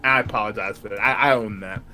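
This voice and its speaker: A man's voice: lowish voice, quick pace, sharp tone, soft background music. A man playing his character in a tabletop game, eager and friendly, stammering and restarting often. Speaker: player.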